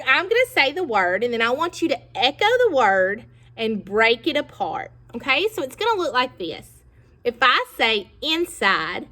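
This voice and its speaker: Lively encouraging woman teacher. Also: on the high side. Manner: slow, encouraging, with pauses for pupils to echo. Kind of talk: classroom lesson to young children.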